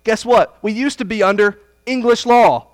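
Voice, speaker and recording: A man preaching a Bible study sermon, blunt and folksy, swinging from loud emphasis to hushed asides. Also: sits high, normal speed, no room sound.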